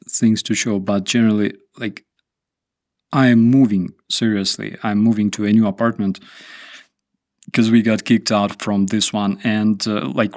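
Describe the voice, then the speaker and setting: A man talks slowly and unhurriedly, chatting with his stream audience. His delivery rambles and turns darkly sarcastic. The sound is dry and close, with no room echo. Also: lowish voice, darkish tone. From Ukraine. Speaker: streamer host. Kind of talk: casual live-stream chat.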